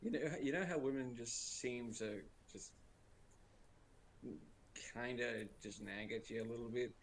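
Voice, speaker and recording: A man chatting on a stream, rambling and crude and quick to laugh. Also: mid-range voice, slight background noise. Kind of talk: casual chat.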